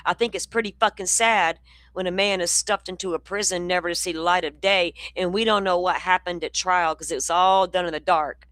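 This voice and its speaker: A woman's voice: on the low side, steady tone, a little fast, a bit bright, no echo. A woman host giving blunt, profane, sarcastic commentary on clips.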